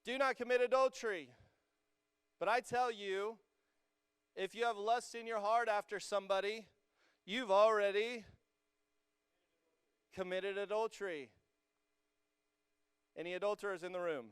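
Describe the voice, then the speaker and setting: A young male youth pastor preaching a lively sermon to students. His voice is slightly high and very clear, close and dry on the mic, and he swings from joking asides to emphatic, rising peaks. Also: measured pace, pauses often, no room sound. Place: church hall with a student congregation.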